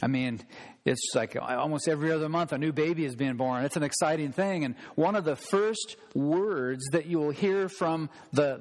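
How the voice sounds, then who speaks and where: A man preaching a sermon as pastor, emphatic, slowing down to stress key phrases. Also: fairly high pitch, in a large hall.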